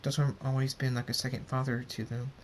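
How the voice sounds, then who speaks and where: A man voicing a gentle, timid mother pony in a storybook reading. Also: mid-range voice, little pitch movement, fast talker, slight background noise, lightly acted. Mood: sorrowful.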